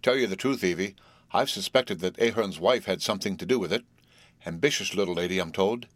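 Guy voicing a boozy cheerful businessman, stubborn and coaxing, lowish voice, dry sound. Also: brisk, dry recording. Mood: hearty. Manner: hearty, coaxing, obstinate. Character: jovial middle-aged businessman, tipsy and pushy.

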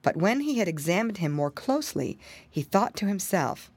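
Lively woman reading a fairy tale. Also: medium pitch, normal speed, no room sound. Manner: expressive, lively storytelling with dramatic exclamations. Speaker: storyteller. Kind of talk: fairy tale read aloud.

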